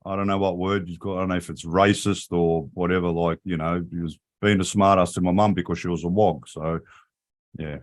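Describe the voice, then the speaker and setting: A man's voice: sits low, steady tone, brisk. A middle-aged man, telling crude, profanity-laden stories in a casual live chat. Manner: crude, profane storytelling with frequent swearing.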